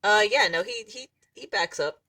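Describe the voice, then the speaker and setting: A woman running a tabletop game as game master, laid-back and giggly, with fillers and halting pauses. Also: mid-range voice, expressive, pushed and bright, no echo, recorded from a distance, poor audio.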